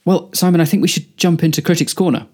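A man's voice: fairly high pitch, fast, darkish tone. A man co-hosting a casual podcast, teasing his friend dryly and laughing along. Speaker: podcast co-host. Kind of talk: casual chat.

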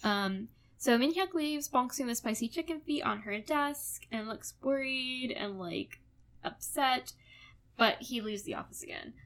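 A woman's voice: high-pitched, a little slow, a bit bright. A woman co-hosting a casual podcast, recapping a drama episode in a chatty way, often laughing and saying "like". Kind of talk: casual chat.

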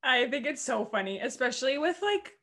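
A young woman with an American accent talks fast and loosely, full of "like" fillers. Her voice sounds bright and sharp as she chats with a teammate. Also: high voice, big pitch swings. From United States. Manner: chatty, fast, many "like" fillers. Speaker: interviewer and teammate. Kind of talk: casual conversation.

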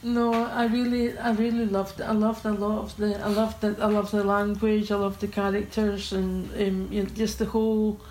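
Scottish female chat host, monotone, filler-heavy and encouraging, echoey room with faint hiss. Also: medium pitch, moderate pace, few pauses. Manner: warm encouraging, many fillers. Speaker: podcast host. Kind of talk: casual chat. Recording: roomy with faint ambient noise.

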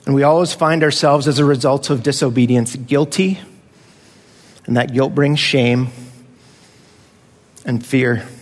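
Pastor guy preaching, fairly high voice, long echo from the church hall. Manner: conversational, with acted-out voices of children. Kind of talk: sermon.

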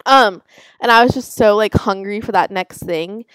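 A woman's voice: medium pitch, moderate pace, a bit bright, clean tone, no echo, rough recording. A young woman hosting a podcast in casual chat, full of "like" fillers. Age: young adult. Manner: chatty, lots of "like" fillers. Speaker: podcast host.

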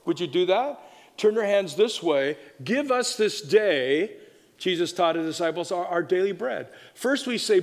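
A man preaching a sermon in a church, animated and exuberant, often repeating words in quick bursts. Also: high voice. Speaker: pastor. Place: church sanctuary. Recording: long reverb of a large room.

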